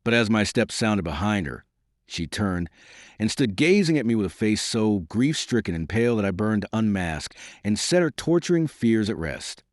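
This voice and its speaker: A man reads a first-person historical adventure in a fairly low voice that rises and falls with lively expression. His storytelling is measured, and the recording is close and dry with no room sound. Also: no echo. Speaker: audiobook narrator.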